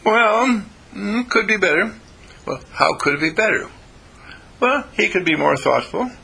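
A man's voice: high-pitched, lively intonation, a little slow, vocal fry, pushed and bright, husky, voice pushed up, full character voice. A man putting on a whiny young woman caller. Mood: complaining.

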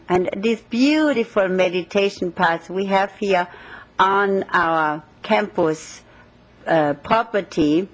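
A woman's voice: medium pitch, rough recording. A woman spiritual teacher giving a devotional talk in a meditative, reverent way.

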